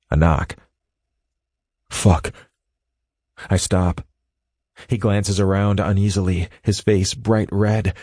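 Man, very low voice, dry close sound, steady audiobook narration. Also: no room sound. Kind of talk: first-person audiobook narration.

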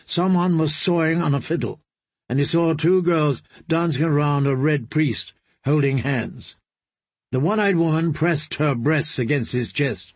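A male audiobook narrator with a husky, slightly high voice, reading in a steady storytelling way. The sound is dry and close to the mic. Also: a little slow, no room sound. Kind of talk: scripted narration.

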